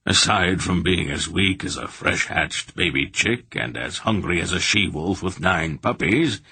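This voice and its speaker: A man voicing a weak but sharp old sorcerer grandfather, dry and wry in his remarks. Deep and husky, read close and dry for an audiobook. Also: animated, a little slow, no echo, heavily acted.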